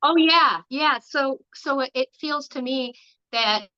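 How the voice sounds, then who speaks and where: Woman host, bright forceful voice, affirming, sums up the guest's story, on dull lo-fi audio. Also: high-pitched, slow. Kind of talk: interview.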